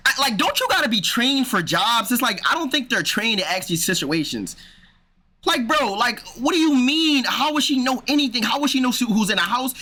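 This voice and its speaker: A man's voice: very high voice, sing-song, fairly quick, sharp tone. A man streaming, reacting to a video with exasperated casual commentary, swearing and saying "bro" a lot.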